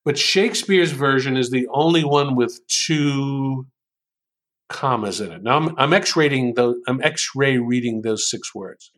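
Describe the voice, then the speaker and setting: A man speaking in an interview, explaining a writing idea through unhurried stories with plenty of ums and pauses. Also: medium pitch, a bit bright. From New York. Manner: unhurried storytelling with many ums. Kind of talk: interview conversation.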